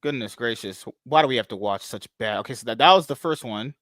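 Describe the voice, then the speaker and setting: A man's voice: mid-range voice, fast talker, dry recording, clean studio sound. A man in casual podcast chat, ranting and mocking with lots of swearing. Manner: animated, swearing, mocking rants.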